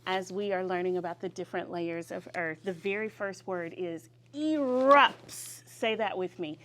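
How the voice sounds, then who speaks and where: A woman teacher leading young children through a vocabulary lesson in a classroom, with call-and-response and drawn-out words. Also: fairly low pitch, steady tone, slight background noise.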